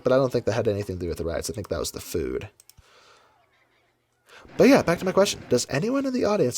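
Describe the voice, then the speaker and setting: A man's voice: medium pitch, darkish tone. A man casually commenting on his game as he plays, chatty and rambling, correcting himself as he goes, from the United States. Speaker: gameplay commentator. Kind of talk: casual let's-play commentary.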